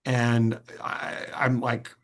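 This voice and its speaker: A man being interviewed, an earnest performer who tells stories with many halting restarts. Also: medium pitch, monotone. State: choked up. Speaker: interview guest, sword swallower and performer. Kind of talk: reflective interview answers.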